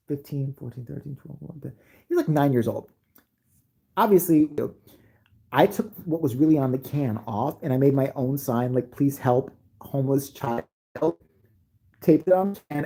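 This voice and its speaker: A man with a husky, mellow voice telling stories in a loose, profane way. He laughs and swears as he talks. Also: on the high side. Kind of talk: casual storytelling.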